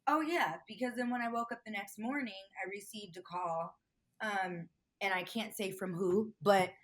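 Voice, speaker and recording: A woman's voice: mid-range voice, moderate pace. A woman guest in an interview, animatedly retelling a tense phone call in casual, profane talk. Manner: animated storyteller, swears freely.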